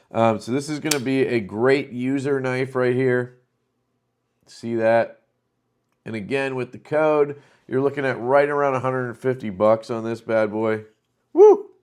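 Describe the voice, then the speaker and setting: A man hosting a casual product showcase, talking loosely and enthusiastically with plenty of fillers. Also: medium pitch. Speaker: knife channel host.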